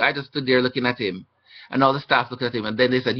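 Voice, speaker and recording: Man on a webcam, indignant recounting of mistreatment, mid-pitched voice, muffled low-fi audio. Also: fairly even intonation, quick pace. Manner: aggrieved, indignant, acting out quoted exchanges. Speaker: former hospital patient recounting mistreatment. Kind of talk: webcam testimony monologue. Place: indoors.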